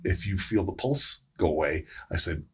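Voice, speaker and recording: A man who works as a paramedic, telling a story on a podcast panel in a casual, animated way, acting out the voices he quotes. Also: low-pitched, moderate pace, background noise. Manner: animated storyteller, acts out quoted voices, laughs between lines.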